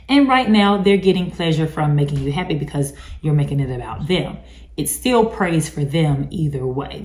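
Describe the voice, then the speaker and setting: Lady giving casual advice, emphatic and chatty, lowish voice, roomy echo. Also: darkish tone. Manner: emphatic, chatty, many asides. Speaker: host talking about narcissistic abuse. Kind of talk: casual advice talk to camera.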